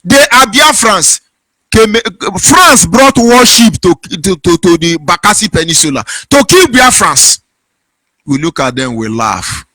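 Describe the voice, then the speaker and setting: A man's voice: sits high, sing-song, a little slow, bright, forceful tone, no echo. A man from southeastern Nigeria with a Nigerian accent, giving a fervent political monologue as host in a sing-song preaching cadence. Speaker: online broadcast host.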